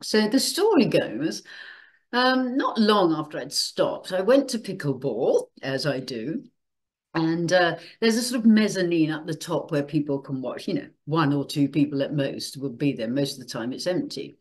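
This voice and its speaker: A woman's voice: deep voice, lively intonation, moderate pace. An older woman hosting her channel, chatting casually and emotionally, laughing often as she tells a personal story. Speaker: channel host.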